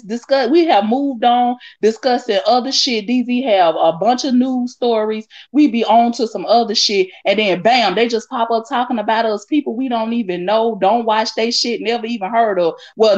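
A woman on a livestream panel, talking in an exasperated, profane way. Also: a little mellow. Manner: exasperated, profane, rising to high outbursts. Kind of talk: livestream commentary. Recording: dull lo-fi audio.

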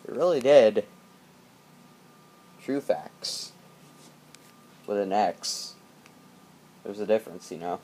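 His voice is fairly low and dark, expressive but slow, with frequent pauses and a little hiss or hum in the audio. He's a vlogger joking and rambling repetitively in a casual late-night video, captured on a tablet's built-in mic inside his house, which is dark because of a power outage.

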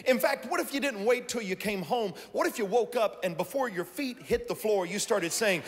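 Man, pastor, preaching, high voice, shouts for emphasis, long reverb in a large church hall. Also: moderate pace, few pauses. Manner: animated, shouting for emphasis, talks to the congregation. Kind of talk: sermon.

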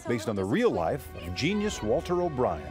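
Lively male entertainment reporter. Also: mid-range voice, moderate pace, music in the background. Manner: lively, upbeat delivery. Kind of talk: news feature narration.

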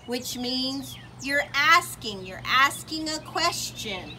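A woman teacher giving a reading lesson for children, explaining clearly and acting out how the voice drops and rises. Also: fairly high pitch, expressive, noisy background. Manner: clear, deliberate explaining, demonstrating voice changes.

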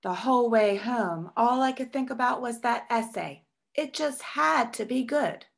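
A woman reading a children's picture book aloud with expressive storytelling. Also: fairly high pitch, measured pace, vocal fry. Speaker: storybook reader.

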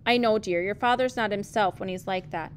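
A woman's voice: medium pitch, a little fast, slight background noise, natural voice. A woman reading as a stern, weary farm mother.

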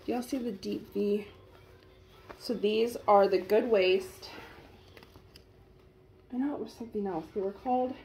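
A woman's voice: mid-range voice, fairly even intonation, measured pace, pauses often, dark tone, slight background noise. A young woman vlogger chatting casually to her viewers as she tries on clothes at home, gushing and talking straight to camera. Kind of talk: casual try-on haul chat.

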